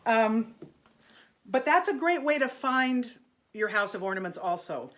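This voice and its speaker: A woman's voice: a little high, a bit bright. A middle-aged woman teaching an online singing lesson, chatty and encouraging, breaking off into sung vocal exercises.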